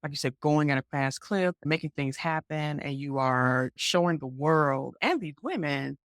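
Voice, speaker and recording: A woman's voice: low-pitched, expressive, moderate pace, dry recording, studio quality. A woman hosting a podcast, reflecting her guest's words back in an affirming conversational way. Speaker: podcast host. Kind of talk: interview conversation.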